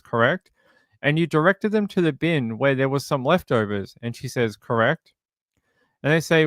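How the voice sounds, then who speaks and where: Guy reading out a police interview for his true crime channel, plain delivery, um's and restarts, mid pitch. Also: fairly bright tone, dry recording, studio quality.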